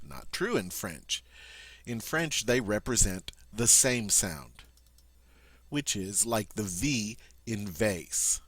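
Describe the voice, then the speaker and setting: A man's voice: fairly low pitch, dry recording. A man giving a French pronunciation lesson, patiently explaining and demonstrating each sound. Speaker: French teacher. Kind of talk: language lesson.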